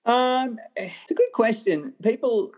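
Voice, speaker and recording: An Australian man, a racing driver, telling animated stories in an interview, often laughing and restarting his sentences. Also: very high-pitched, slow, soft background music. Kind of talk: interview storytelling.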